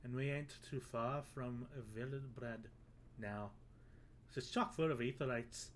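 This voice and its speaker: A man's voice: medium pitch, fairly even intonation, takes it slowly, slight background noise, lightly acted. A man voicing a chatty bearded male sailor peddler in a video game, with an exaggerated put-on Irish accent and folksy rustic phrasing. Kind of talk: reading game dialogue aloud.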